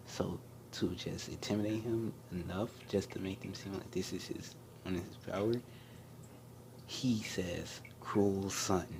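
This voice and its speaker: Young man, very low voice, hushed rambling fan storyteller, faint background hiss. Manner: hushed, often half-whispered, rambling with many restarts and fillers. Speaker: anime storyteller. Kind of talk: casual fan-story retelling.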